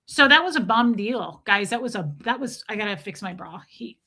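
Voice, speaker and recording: Bright, brassy woman livestreamer. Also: a little high. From United States. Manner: profane, animated, quick asides. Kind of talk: casual storytelling while reading live chat.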